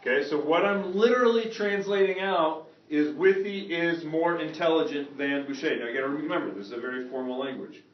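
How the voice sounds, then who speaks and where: A man's voice: fairly high pitch, brisk, few pauses. Man teaching a class in an echoey room. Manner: lively, checks understanding often. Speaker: Spanish teacher. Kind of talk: classroom lesson. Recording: echoey classroom, far from mic, dull.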